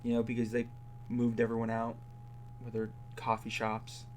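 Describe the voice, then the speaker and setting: A man's voice: mid-range voice, monotone, normal speed, slight background noise. Sardonic young man chatting. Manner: sardonic, rambling, heavy use of "like". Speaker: podcast co-host. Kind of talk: casual chat.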